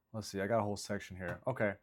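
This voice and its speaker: Rambling man thinking aloud. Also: fairly low pitch. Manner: rambling, hesitant, many fillers. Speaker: stand-up comedian writing jokes. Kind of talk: casual vlog thinking aloud.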